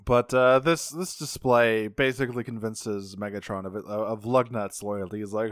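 A man co-hosting a casual chat, retelling a cartoon episode in animated fashion and laughing often. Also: on the low side, normal speed, hardly any pauses, no room sound, studio quality. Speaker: podcast co-host.

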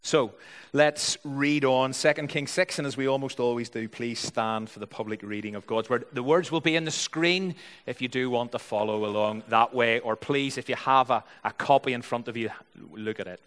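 A man's voice: mid-range voice, normal speed, fairly bright tone, long reverb tail. A man preaching a sermon, reading scripture and explaining it in an earnest, searching way. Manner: earnest, explanatory, reads with feeling.

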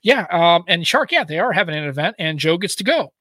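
A man's voice: high-pitched, very animated, fairly quick, sharp tone, no room sound. An American man co-hosting a tech podcast, chatting casually, joking loosely and swearing. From United States. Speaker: podcast co-host. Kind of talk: casual chat.

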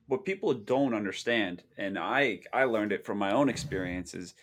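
A man in his thirties with a softened Philadelphia-area accent, chatting on a podcast in a blunt, profane, joking way. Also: lowish voice, lively intonation, moderate pace. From Delaware County, Pennsylvania. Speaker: podcast co-host. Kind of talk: casual podcast chat.

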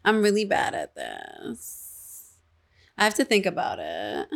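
A woman from New York hosts a casual podcast chat with a very lively, swooping voice. She talks in playful, quick-fire banter at a middle pitch. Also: gravelly. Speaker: podcast host.

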